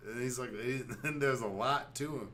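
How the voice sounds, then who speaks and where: A man hosting a podcast, joking loudly, swearing and laughing in casual chat. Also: medium pitch, moderate pace, a little hiss or hum. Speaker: podcast host.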